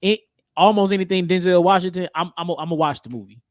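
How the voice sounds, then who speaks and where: Give me a laid-back male podcast co-host with a slightly high voice, talking movies in slang. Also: fast talker, dry recording, studio quality. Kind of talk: casual pop-culture chat.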